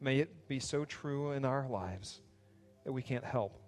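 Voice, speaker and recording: A man's voice: mid-range voice, a little slow, darkish tone, soft background music. A man preaching a sermon as pastor, earnest and preacherly, in a church sanctuary. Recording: long hall reverb.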